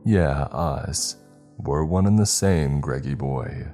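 A sinister entity with a childish, growly sneer, as a male narrator puts it on. The voice sits extremely deep and dark, drawn out slowly and mockingly. Faint music hums behind it in this horror story reading. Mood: taunting.

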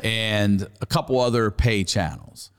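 Deep-voiced man telling a story. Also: a little slow, clean tone. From Maryland. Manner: profane, animated storyteller. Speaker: comedian guest. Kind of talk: casual storytelling.

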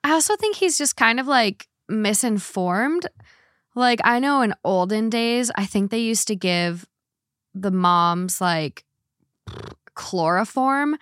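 A woman's voice: on the high side, slow pace, no room sound. Woman podcast host, casual and rambling, dry close mic. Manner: animated, rambling, lots of fillers.

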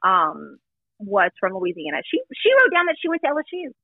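A woman's voice: mid-range voice, sing-song, fairly quick, no room sound. A woman guest in casual chat, blunt, chatty and self-deprecating as she tells a story. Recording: tinny phone-like line.

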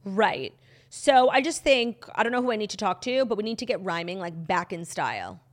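A woman's voice: mid-range voice, animated, a little fast. A woman co-hosting a podcast, giving opinionated and sarcastic takes in casual pop culture chat, with casual swearing. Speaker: podcast co-host.

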